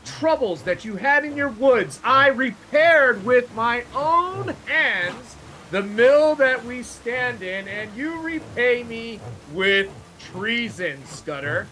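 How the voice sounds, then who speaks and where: Commanding man with lively pitch. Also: slow, slight background noise, poor audio. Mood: stern. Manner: commanding, declamatory speeches. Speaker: player. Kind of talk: in-character role-play as a stern lord.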